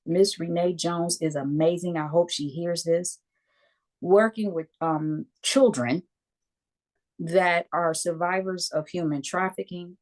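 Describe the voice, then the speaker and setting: A woman in her fifties, from the US, tells a story as an interview guest in a fairly low voice. She is animated and acts out the people in her tale. She keeps checking in with the listener as she goes. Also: takes it slowly. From United States. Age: 50s. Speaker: guest, Reiki practitioner.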